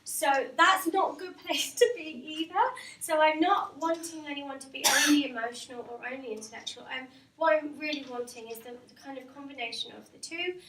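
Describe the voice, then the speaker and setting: A woman with a high voice gives a live workshop talk to staff. She speaks in a chatty way, laughing often and asking the room questions. The recording sounds roomy and distant, with faint background noise. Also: a little fast. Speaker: hypnotherapist giving a staff talk. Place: company meeting room with a live audience.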